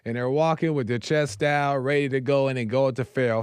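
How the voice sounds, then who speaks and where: A man's voice: mid-range voice, fairly even intonation, a little fast, hardly any pauses, smooth, no echo. A man host casually retelling a story in slangy, everyday speech.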